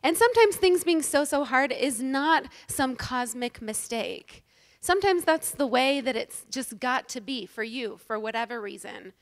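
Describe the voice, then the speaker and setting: A woman giving a humorous, self-deprecating inspirational talk to a live audience on stage, animated and joking. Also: high-pitched, measured pace. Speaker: inspirational speaker at a women's event.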